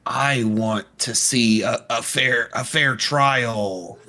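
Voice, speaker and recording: A man's voice: mid-range voice, slow, sharp tone. A man playing a tabletop game, playful and hesitant, stumbling over words. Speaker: player.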